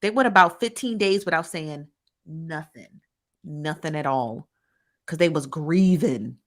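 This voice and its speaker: Animated woman chatting to viewers. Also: low-pitched, unhurried. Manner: animated, laughing, talks straight to viewers with "honey" and "child". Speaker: commentary host reading live chat. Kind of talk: casual live-stream commentary.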